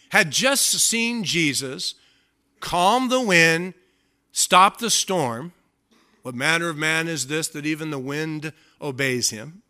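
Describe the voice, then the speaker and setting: A man as a pastor giving a sermon in a conversational, folksy storytelling way, swinging between loud emphasis and hushed, low passages.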